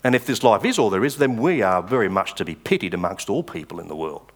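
A male pastor preaching a sermon, reading scripture with dramatic pauses and stressed words. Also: fairly low pitch, expressive.

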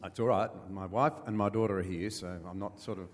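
An older man with an Australian accent, a former politician telling folksy stories as an interview guest, pausing with many fillers. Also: fairly low pitch, steady tone, in a large hall. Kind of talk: anecdotal storytelling.

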